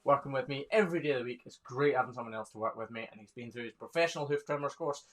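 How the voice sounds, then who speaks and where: A man's voice: medium pitch, very fast, fairly bright tone. A man, a hoof trimmer chatting casually on a live stream, reading viewer questions aloud and laughing often. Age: 30s.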